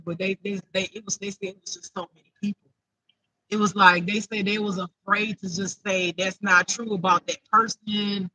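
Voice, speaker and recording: A man's voice: high voice, pushed and bright, dry recording, low-quality recording. A man giving an improvised spiritual reading to viewers, emotional and close to tears, repeating himself in a chatty way. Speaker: intuitive spiritual reader.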